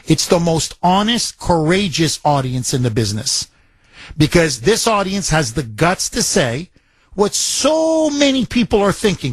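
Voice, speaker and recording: A man's voice: on the high side, no echo. A man hosting a talk radio show, delivering a combative, mocking monologue.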